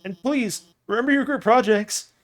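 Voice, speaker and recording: A man's voice: very high voice, moderate pace, a bit bright, voice pushed up. A man voicing a nervous, overworked woman teacher who stammers, reading game dialogue aloud. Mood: flustered. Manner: stammering, flustered.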